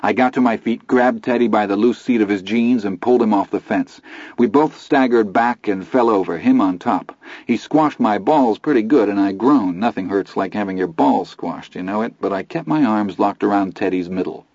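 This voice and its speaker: A man narrating a first-person story in steady storytelling. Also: on the low side, moderate pace, no room sound. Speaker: audiobook narrator. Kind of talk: scripted narration. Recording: dull dry studio read.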